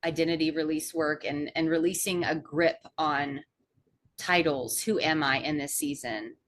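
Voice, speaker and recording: A woman's voice: low voice, steady tone, normal speed, a little hiss or hum. A woman coach hosting a podcast, talking in a reflective, earnest way. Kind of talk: casual podcast conversation.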